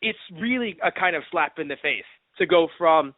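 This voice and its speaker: A man co-hosts a casual podcast and talks in an animated way. His voice sits high and swings widely in pitch. The sound is dry and narrow, like a phone line. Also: normal speed, no room sound. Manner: animated, acts out mock quotes. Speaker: podcast co-host.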